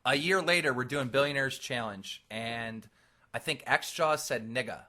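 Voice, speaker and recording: Bright-voiced young man telling stories. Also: mid-range voice, moderate pace. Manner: animated storytelling, laughs often. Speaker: podcast co-host. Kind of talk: casual podcast chat.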